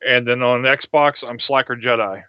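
A man who is a podcast guest and tells an anecdote in a lively, casual way. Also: mid-range voice, moderate pace, smooth, no room sound, muffled recording. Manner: animated anecdote telling. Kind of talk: casual storytelling chat. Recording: crowd chatter behind.

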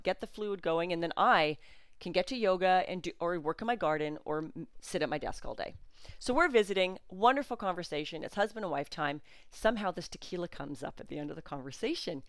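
A woman's voice: on the low side, clean tone, dry recording, studio quality. A middle-aged woman hosting a podcast, telling a personal story in an emotional, chatty way with frequent fillers. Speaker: podcast host.

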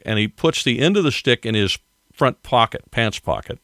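A man's voice: mid-range voice, animated, a little fast, bright, forceful tone, no room sound, studio quality. An older man hosting a podcast, rambling through a casual monologue with chuckling asides. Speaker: podcast host.

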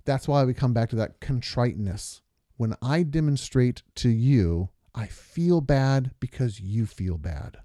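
A man's voice: medium pitch, lively intonation, measured pace, mellow, dry recording, studio quality. A man co-hosting a podcast with his wife, talking earnestly through long examples and stories. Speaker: podcast co-host. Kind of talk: casual podcast conversation.

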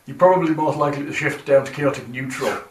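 A man running a tabletop game, explaining rules quickly, recorded far off in an echoey room. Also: medium pitch, slight background noise. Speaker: game master.

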